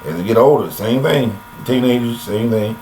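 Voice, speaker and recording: A man's voice: medium pitch, normal speed, a little mellow, a little hiss or hum, rough recording. An older man delivering a rambling, folksy philosophical monologue to listeners, recorded on a laptop webcam. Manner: folksy and preachy, addresses listeners directly. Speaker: vlogger.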